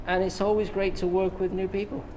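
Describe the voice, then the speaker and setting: A man from England working as a hairdresser, talking a live audience through a haircut in a relaxed, jokey way. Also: high voice, fairly quick, long reverb tail, slight background noise, low-quality recording. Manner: relaxed, jokey, talks while cutting. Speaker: hairdresser demonstrating a cut. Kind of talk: live haircut tutorial with banter.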